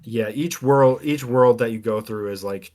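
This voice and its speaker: This man speaks at normal speed with a medium-pitched, somewhat dark voice, and a faint hiss or hum runs under the recording. He's a podcast co-host reviewing game demos, explaining one in casual gaming-show chat that wanders, stalls on ums and keeps starting over.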